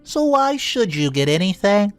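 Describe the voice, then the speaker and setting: A man's voice: sits high, big pitch swings, moderate pace, no room sound, soft background music, voice pushed up. A man putting on a sneering scheming mother-in-law. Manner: sneering, evasive. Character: scheming older woman, a grasping mother-in-law.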